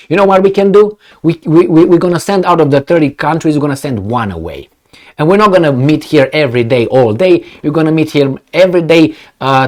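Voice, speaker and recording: A man giving a heated political commentary, cursing, with frequent fillers and restarts. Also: mid-range voice. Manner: animated, heated, profane, many fillers and restarts.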